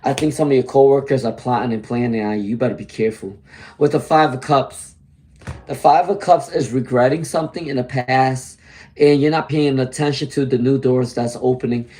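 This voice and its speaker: A man with a hoarse voice from laryngitis, giving a chatty live-stream tarot reading and greeting viewers by name. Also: mid-range voice, steady tone, brisk, dark tone. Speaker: tarot reader.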